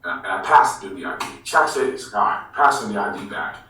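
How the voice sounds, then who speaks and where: A man telling a story in a casual interview, animated and swearing freely, calling people bro. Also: on the low side, fast. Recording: echoey room, mic far off.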